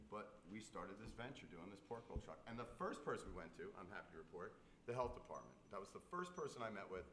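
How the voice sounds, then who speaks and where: A man with a gruff voice, telling stories with jokes and acted-out dialogue as a panelist at a live event. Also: mid-range voice, a little hiss or hum. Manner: animated, joking storyteller acting out dialogue. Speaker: food truck entrepreneur panelist. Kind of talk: storytelling panel talk. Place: event room. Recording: echoey room, faint ambience.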